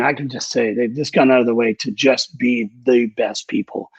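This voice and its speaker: A man's voice: medium pitch, a little mellow, breathy edge, dry recording, highs cut off. A man who works as a recording engineer and producer, telling candid, profane studio anecdotes in a casual interview. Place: Nashville.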